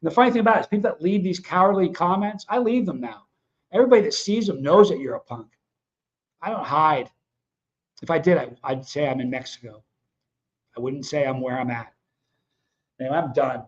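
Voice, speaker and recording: A man's voice on the high side comes through dull lo-fi audio as he hosts his own livestream. He talks briskly but with long pauses, casual and blunt, confronting his viewers in a fired-up manner.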